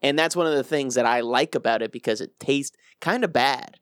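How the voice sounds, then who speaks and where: A man's voice: medium pitch, a little fast, a bit bright, no echo, clean studio sound. A man chatting on a podcast, explaining at length and swearing, acting out his own inner voice. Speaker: podcast co-host. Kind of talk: casual profane chat.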